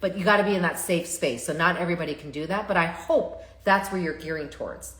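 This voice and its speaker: Woman therapist doing a live stream, chatty and animated, keeps restarting sentences, roomy echo. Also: on the low side, fast talker. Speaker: therapist and show host.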